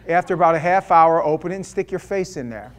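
A middle-aged man, a preacher, telling a personal story to an audience in an animated, self-deprecating way, swinging between loud outbursts and quiet confession and acting out his own thoughts. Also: on the high side, fast.

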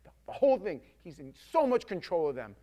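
High voiced preacher guy, chatty and punchy, goes quiet then loud. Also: big pitch swings, fairly quick. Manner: emphatic and conversational, swinging from loud to hushed. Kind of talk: sermon.

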